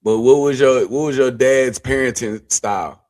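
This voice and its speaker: A man co-hosting a podcast, talking in a relaxed, reflective way and asking his co-host questions. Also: medium pitch, moderate pace. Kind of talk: casual chat.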